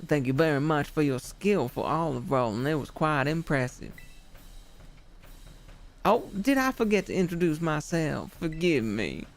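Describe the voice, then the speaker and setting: A gracious, gentle woman who runs a sweet shop and leads a gym in a video game, read aloud by a man. The voice sits a bit high with a gravelly edge, and faint game music plays behind. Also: big pitch swings, unhurried, full character voice. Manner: reading game dialogue aloud in a mild soft tone. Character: polite gentle female pastry-chef gym leader.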